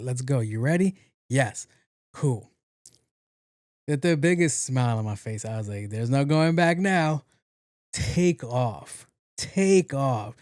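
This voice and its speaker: A young man tells a story on his podcast in a loose, profane way. His voice sits at an ordinary pitch, and the sound is close and dry. He acts out every quote with lively energy. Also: dry recording. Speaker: podcast host. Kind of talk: casual storytelling monologue.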